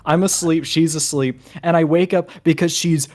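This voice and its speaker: A man's voice: a little high, normal speed. A man telling a funny anecdote in casual podcast chat, with lots of swearing. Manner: animated anecdote teller, swearing. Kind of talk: casual storytelling.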